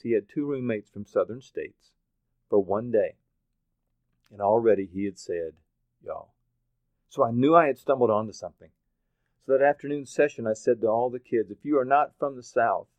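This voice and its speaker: A man from Oklahoma gives a motivational talk and tells animated stories, acting out voices as he goes. His voice sits in the middle range. The recording is dry and thin, as if heard over a phone line. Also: mid-range voice, no room sound. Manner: animated storytelling, acts out voices and laughs. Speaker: motivational speaker. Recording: dry, phone-like narrow sound.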